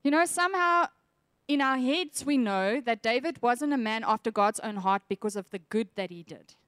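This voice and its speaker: A woman's voice: on the high side, lively intonation, moderate pace, fairly bright tone, no room sound, studio quality. A woman preaching a sermon, earnest and reflective, reading scripture aloud with feeling.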